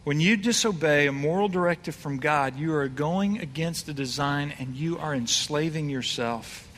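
A man's voice: fairly high pitch, moderate pace, fairly bright tone, slight background noise. A man preaching a conversational sermon, asking his congregation questions. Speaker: pastor. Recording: reverberant hall.

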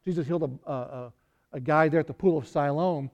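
A man's voice: a little high, a little fast, darkish tone. A man preaching a conversational Bible sermon, acting out quoted lines with small laughs and sighs. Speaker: pastor.

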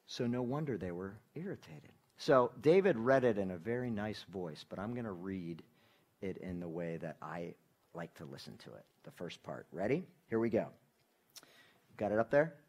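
Male pastor, sermon delivery, conversational and lively, slightly higher voice, drops to a hush for emphasis. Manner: animated, conversational preaching with tag questions.

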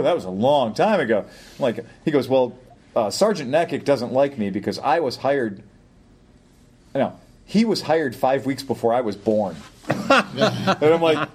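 A man's voice: mid-range voice, sing-song, normal speed, a little mellow, husky. An older man in casual podcast chat, telling a long story in a rambling way and chuckling often. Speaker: podcast co-host.

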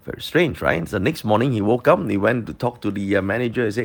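A man's voice: on the low side, animated, fast, vocal fry, hardly any pauses. A man telling a parable-like story informally, rambling with many fillers and restarts.

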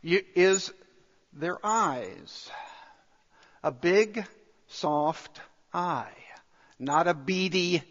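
A man preaching a sermon as a pastor, emphatic, with repeated phrases and pauses. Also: high voice, a bit bright, long reverb tail, highs cut off.

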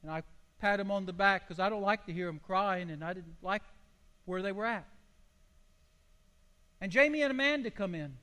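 A man's voice: high-pitched, normal speed, pauses often, sharp tone. An older man, a pastor, preaching a sermon in a folksy, storytelling way with homely illustrations. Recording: long hall reverb.

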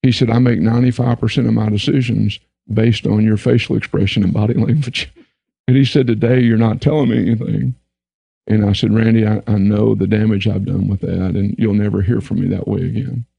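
A man telling a personal business story in an earnest, relaxed conversational way, then giving practical advice over a remote call. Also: fairly low pitch, fairly quick, gravelly, breathy edge, dry recording, poor audio. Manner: relaxed, earnest, anecdotal with frequent restarts. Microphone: remote video call.

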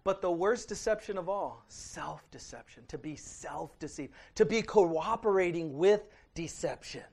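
A middle-aged male pastor with a high voice preaches a sermon in a conversational, back-and-forth way. He turns to his listeners often, then drops into quiet intensity before rising again to loud emphasis. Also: animated, a little slow, vocal fry. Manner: conversational preaching, asks the congregation "right?" often. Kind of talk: midweek sermon with Bible reading.

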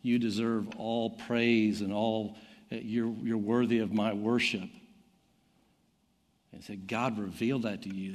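A middle-aged man with a Southern American accent preaching a sermon, reading scripture aloud with his voice lifting for the quoted lines. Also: lowish voice. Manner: animated Bible reading, voice rising for quoted lines. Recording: long hall reverb.

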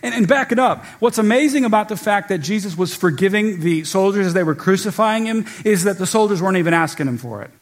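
A man preaching a sermon as pastor, teaching in an earnest tone and dropping low and soft when he quotes scripture. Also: fast, few pauses.

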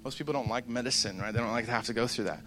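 A man's voice: medium pitch, racing, bright, forceful tone. A young man giving a casual devotional talk, rambling and conversational with plenty of fillers. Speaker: Christian speaker.

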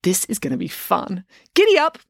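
A woman voicing a sweet-sounding but bossy schoolgirl who gives brisk, cheerful orders. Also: mid-range voice, sing-song, no room sound, clean studio sound. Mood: cheerfully bossy.

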